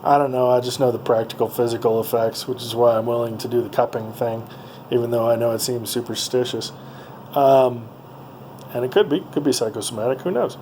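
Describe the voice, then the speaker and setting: A man of middle pitch telling a travel story in a loose, meandering way, full of ums and uhs. A faint hum of noise sits under his voice. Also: steady tone, brisk, a little mellow, poor audio. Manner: rambling, lots of ums and uhs. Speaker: vlogger.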